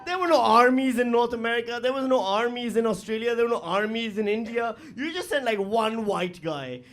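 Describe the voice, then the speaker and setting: A man doing stand-up comedy into a handheld stage mic, his voice pitched high for a man. He swings up and down with lively, animated delivery and breaks into loud mocking voices. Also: a little fast. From Pakistan. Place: live comedy venue with audience.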